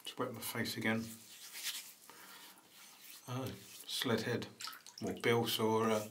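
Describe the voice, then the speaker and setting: A man's voice: lowish voice, steady tone, slow pace, noisy background. A man chatting casually on a live stream, rambling and greeting viewers between tasks. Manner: rambling, chatty, frequent ums and uhs. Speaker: vlogger hosting a live stream.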